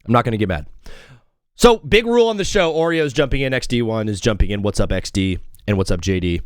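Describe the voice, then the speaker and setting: A young man hosting a casual sports talk show, joking and shifting quickly between loud outbursts and mumbled asides. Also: fairly low pitch, lively intonation, smooth, no room sound, clean studio sound. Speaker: host.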